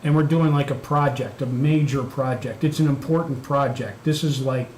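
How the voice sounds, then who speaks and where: A man's voice: medium pitch, fairly even intonation, normal speed, a little mellow. A man hosting a live stream, chatting casually and telling a profane story while muttering over his computer work. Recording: echoey room, faint background noise.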